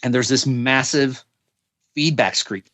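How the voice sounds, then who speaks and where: A man's voice: mid-range voice, a little slow, fairly bright tone, no room sound. A young man, a podcast guest, telling a story in a casual, rambling way, full of fillers and restarts.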